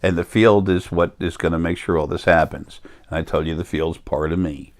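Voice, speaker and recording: A man with a low, deep voice speaking as a spiritual teacher. He meanders from point to point, restarts his sentences and corrects himself as he goes. His delivery is earnest and unscripted. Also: steady tone, normal speed. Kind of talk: rambling spiritual monologue.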